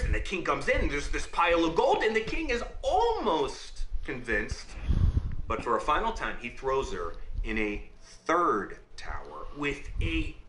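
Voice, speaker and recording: A man acting a father in a game, telling a fairy tale as a bedtime story with quick asides to his listener. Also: mid-range voice, a bit bright, roomy sound, a little hiss or hum, low-quality recording.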